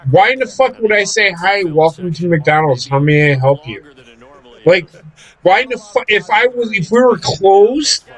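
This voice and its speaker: A young man chats on a gaming stream, with a high and lively voice that jumps around. He tells his stories with plenty of swearing and laughter. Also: moderate pace, poor audio. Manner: profane, laughing storyteller. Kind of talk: casual chat.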